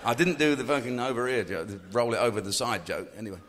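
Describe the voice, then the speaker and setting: An older English man, a comedian, telling profane stories in a cynical, animated way. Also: mid-range voice, fast talker. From England. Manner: swears constantly, animated and cynical. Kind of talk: profane anecdotal storytelling.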